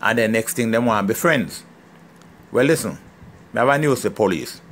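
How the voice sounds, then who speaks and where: A man's voice: on the low side, normal speed, pauses often, a bit bright, slight background noise. A middle-aged man from Jamaica with a Jamaican accent, ranting heatedly in a casual vlog and often checking that the listener understands. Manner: heated, emphatic, keeps asking "you understand?". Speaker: farmer.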